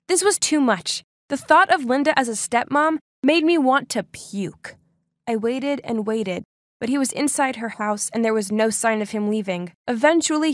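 A woman's voice: a little high, no echo, studio quality. A young woman narrating a dramatic first-person story with lots of exclamations.

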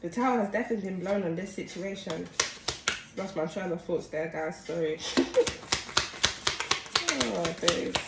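A woman with a fairly low, fairly quick voice gives her viewers a casual tarot reading. She's chatty and keeps addressing them as "guys." The room is echoey, with steady background noise.

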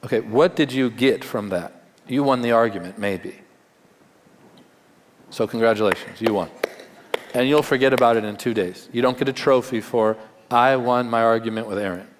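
A man's voice: mid-range voice, normal speed, pauses often, slight background noise. A man, a pastor, preaching a live Sunday sermon in a conversational, emphatic way with wry humor. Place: large church auditorium. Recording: long hall reverb in live church.

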